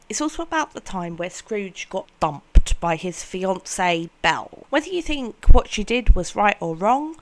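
A woman teacher explaining a story to English learners in a conversational way. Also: medium pitch.

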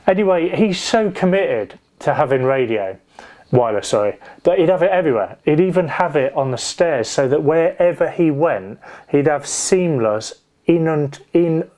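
Chatty preacher telling stories. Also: male voice, on the high side, animated, normal speed, a little mellow. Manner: conversational, digressive storytelling with restarts. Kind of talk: sermon with personal anecdote.

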